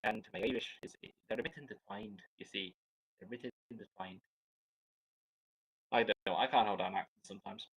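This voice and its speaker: A man's voice: on the low side, a little fast, creaky, pauses often, fairly bright tone, husky, poor audio. A man with a Scottish accent giving live air show commentary, chatty and joking, rambling with frequent restarts.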